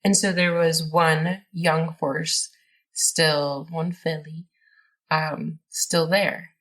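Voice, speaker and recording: A woman's voice: low-pitched, little pitch movement, extremely slow, a bit bright. A woman guest on a podcast, telling her story in a rambling, casual way with many fillers and restarts.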